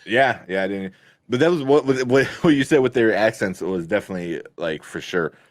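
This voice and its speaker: A man's voice: fairly low pitch, expressive, moderate pace, no echo, studio quality. A young man co-hosting a casual movie review chat, rambling with lots of fillers and restarts. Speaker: podcast co-host.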